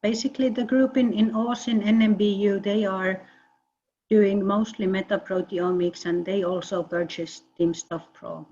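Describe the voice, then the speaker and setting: A woman researcher answering questions in an online meeting, halting and often repeating words. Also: mid-range voice, steady tone, dark tone, slight background noise. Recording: muffled video-call audio.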